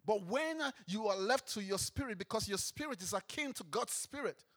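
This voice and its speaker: A man's voice: high voice, expressive, moderate pace, fairly bright tone. A man preaching a sermon, asking the congregation questions and reading scripture with rising emphasis.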